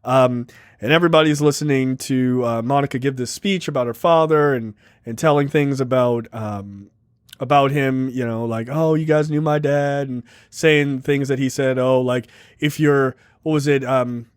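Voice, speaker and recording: A man's voice: medium pitch, steady tone, normal speed, smooth, dry recording, clean studio sound. A man co-hosting a movie review podcast, recapping the plot casually with lots of fillers and joking asides. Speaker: podcast co-host.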